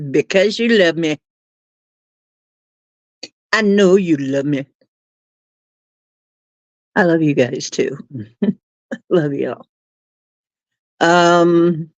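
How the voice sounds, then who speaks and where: A woman's voice: mid-range voice, no echo. A woman hosting a live stream, chatting casually with viewers and giggling often. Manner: giggly, laughs often while reading chat.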